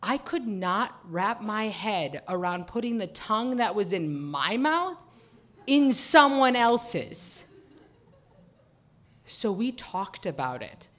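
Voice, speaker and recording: A woman's voice: mid-range voice, very animated, slow, fairly bright tone. A woman in her thirties tells a personal story from her teens. She speaks in a wry, confiding way and often slips in amused, laughing asides.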